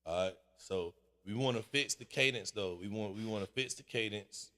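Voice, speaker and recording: A man's voice: on the low side, normal speed, sharp tone, in a large hall. A man hosting a casual song review, blunt and full of slang, calling everyone bro. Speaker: host reviewing submitted songs.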